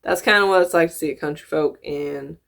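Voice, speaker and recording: A woman's voice: low voice, a little fast, creaky, a bit bright. A woman with a slight Southern US drawl, hosting a casual reaction video in a rambling, giggly, self-mocking way. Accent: slips into a Southern US drawl.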